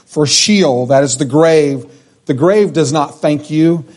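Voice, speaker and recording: A man's voice: fairly high pitch, takes it slowly, a little mellow. A middle-aged man preaching a sermon, reading scripture aloud and explaining it verse by verse.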